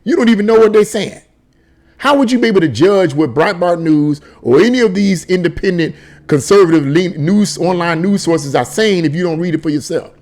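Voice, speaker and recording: A man's voice: on the high side, lively intonation, brisk, a little mellow. A man reading a news article aloud and breaking off into sarcastic commentary, often restarting and repeating words. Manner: reads aloud, then breaks off into sarcastic, repetitive asides; frequent restarts and stammered repeats.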